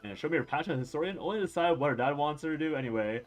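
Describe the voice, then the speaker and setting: A sleepy man rambles through casual stream commentary, his pitch swinging widely as he jokes and swears. He laughs often and drifts off on tangents, with faint game music running underneath. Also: lively intonation, racing. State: sleepy, yawning. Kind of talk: casual live-stream commentary while playing.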